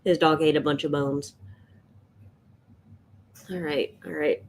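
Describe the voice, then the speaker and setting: Chatty woman, low voice. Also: steady tone, slow pace, slight background noise. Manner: rambling, chatty, laughs often. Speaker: art streamer. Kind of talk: casual chat while sketching.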